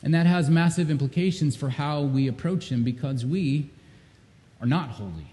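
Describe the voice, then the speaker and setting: A male pastor preaching a sermon with earnest emphasis, swinging from loud repeated cries down to low, intimate questions. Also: lively intonation, moderate pace, big-room sound.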